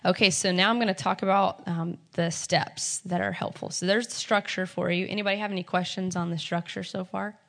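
A woman's voice: mid-range voice, steady tone, brisk, vocal fry, hardly any pauses, a bit bright. A woman teaching a small group how to meditate on scripture, speaking in a conversational, encouraging way with frequent ums and restarts. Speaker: Bible study teacher. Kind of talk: teaching a Bible meditation workshop.

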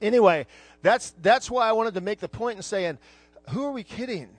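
A man with a high voice preaches a sermon, reading scripture aloud with rising emphasis. The sound is dry and close. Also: animated, moderate pace, no echo. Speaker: pastor.

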